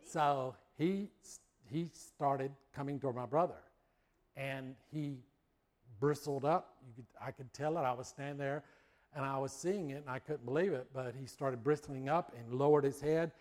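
A man's voice: mid-range voice, normal speed, darkish tone. Folksy man preaching a sermon. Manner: folksy storytelling, acts out voices and barks. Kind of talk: sermon with a personal childhood story.

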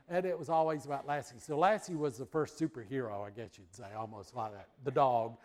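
A middle-aged American man preaches a sermon, spinning a folksy childhood story and acting out voices and barks. His voice sits in the mid range, and he talks fairly quickly with hardly any pauses.

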